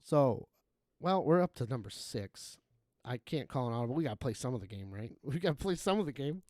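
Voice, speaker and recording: A man's voice: mid-range voice, sing-song, a little fast, darkish tone, dry recording, studio quality. A man streaming a game, chatting casually in a rambling, profane way and chuckling often. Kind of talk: casual gaming-stream chat.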